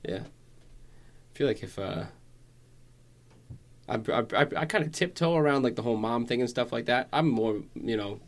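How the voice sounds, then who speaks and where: A man's voice: medium pitch, moderate pace, vocal fry, pauses often. A young man in casual podcast chat, laid-back and swearing freely as he tells stories.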